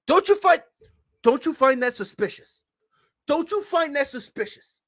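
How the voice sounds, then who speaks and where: A man's voice: extremely high pitch, very animated, measured pace, sharp tone. A man hosting a podcast, ranting in a casual, heated and profane way with lots of swearing. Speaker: podcast host.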